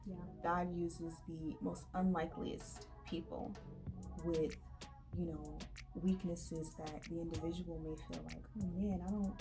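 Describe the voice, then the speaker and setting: A woman co-hosting a casual faith conversation, encouraging and animated, slipping into voices to act out quoted thoughts. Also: sits low, unhurried, creaky, over music. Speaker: podcast co-host.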